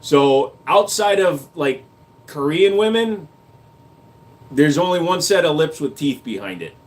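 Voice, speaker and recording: A man's voice: on the high side, lively intonation, a little slow. A man hosting a livestream, reading chat comments aloud and answering with crude jokes and casual gun talk. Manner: crude joking banter, reads comments aloud.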